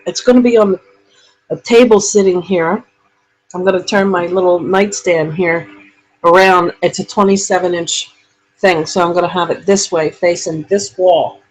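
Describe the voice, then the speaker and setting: A woman hosting a relaxed live paranormal chat from a room in her home, rambling and chatty. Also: on the low side, normal speed, a little hiss or hum, low-quality recording. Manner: rambling, chatty, laughs often.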